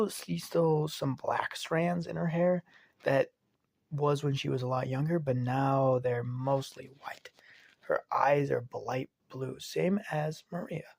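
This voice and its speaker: A man's voice: medium pitch, creaky, darkish tone, dry recording, studio quality. A man narrating a made-up story in a rambling, half-whispered way.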